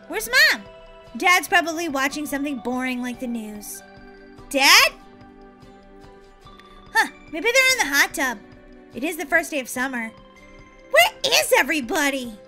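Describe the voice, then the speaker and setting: An excitable young girl, as a woman plays her in a game role-play, chatty and giggly, talking to herself as she bounces around. The voice is high, sharp and very bright, with lively ups and downs. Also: heavily acted. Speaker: roleplay gamer.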